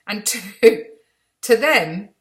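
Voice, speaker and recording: A woman's voice: medium pitch, animated, extremely slow. A middle-aged English woman vlogging from home, telling anecdotes in a chatty, self-mocking way and acting out the voices of people she met. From England. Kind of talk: casual storytelling to camera. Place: room at home.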